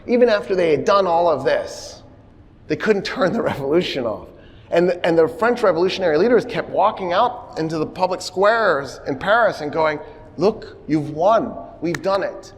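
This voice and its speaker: A man with a fairly high voice delivering a funny, animated history lecture, bringing the story to life by acting out what people said. His voice carries the long echo of a lecture hall. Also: moderate pace.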